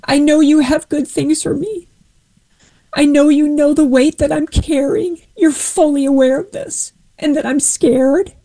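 A woman giving an earnest Christian testimony, retelling a Bible story with lively quoted voices. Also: sits high, rough recording. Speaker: guest sharing faith testimony.

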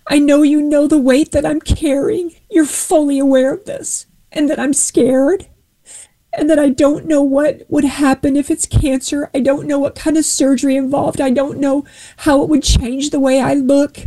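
A woman's voice: sits high, fairly even intonation, normal speed, dark tone, poor audio. A woman giving an earnest faith testimony and retelling a Bible story, acting out the voices of its people. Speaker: guest sharing her faith testimony.

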